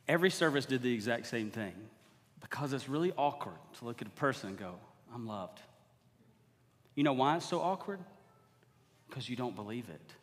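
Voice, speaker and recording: A man's voice: mid-range voice, fairly bright tone. Conversational male preacher in reverberant hall. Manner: conversational, rising to emphatic exhortation. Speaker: guest preacher. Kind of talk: sermon. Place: church sanctuary.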